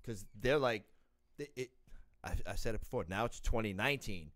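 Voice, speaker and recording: A man's voice: lowish voice, normal speed, fairly bright tone, no echo, studio quality. A man hosting a podcast, chatting casually, often repeating and restarting his words. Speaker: podcast host. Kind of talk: casual chat.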